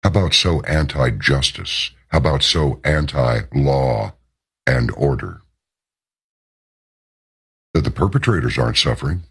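A man hosting a talk radio show in an emphatic monologue, leaning hard on the words he stresses. His voice sits very low, with a gravelly fry and a husky, raspy edge. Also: expressive, measured pace, long pauses, a bit bright. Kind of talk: on-air opinion monologue.

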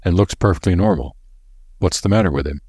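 Brief: man doing a worried male professor, low husky voice, storybook reading. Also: fairly quick, darkish tone, no room sound, studio quality. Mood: startled. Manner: anxious, exclamatory. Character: anxious foreign male professor.

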